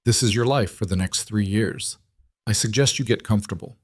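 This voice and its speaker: A man's voice: lowish voice, brisk, husky, no echo, studio quality. A man voicing a cold, blunt mafia boss husband who speaks in curt, matter-of-fact commands in an audiobook reading. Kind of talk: audiobook narration.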